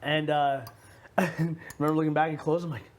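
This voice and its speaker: A man's voice: a little high, a little fast, slight background noise. A young man casually telling a story, acting out other people's voices and peppering his talk with "bro" and "like". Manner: animated, acts out voices, says "bro" and "like" a lot. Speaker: houseguest.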